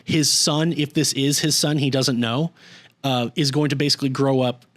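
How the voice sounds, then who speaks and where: Speaking at a normal speed with a medium pitch and steady tone, this podcast host casually recaps a story. His talk is rambling and profane, packed with "like," and he gives quick impressions of the characters he quotes.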